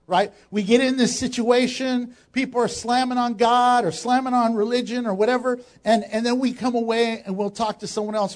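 A man preaching a sermon as pastor, animated and joking, acting out quotes as he goes. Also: extremely high pitch.

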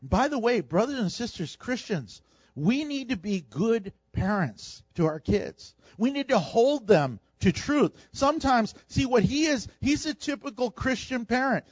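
Male pastor, sermon, high voice, very expressive pitch, animated, humorous asides. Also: normal speed, slightly rough, no echo, muffled recording. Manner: animated preaching, acts out quoted voices with humor.

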